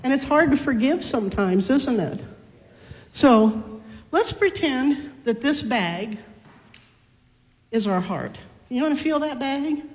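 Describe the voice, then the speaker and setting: Slow, gentle pastor in a reverberant church. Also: mid-range voice. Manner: gentle, coaxing, full of tag questions. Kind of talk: scripture reading and children's sermon. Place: church sanctuary.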